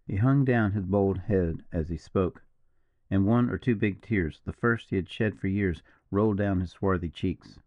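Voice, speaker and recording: A male audiobook narrator with a low, gravelly voice who reads in a steady, even way. The recording is dry and a little dull, with no room sound. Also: moderate pace, dry recording. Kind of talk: scripted narration.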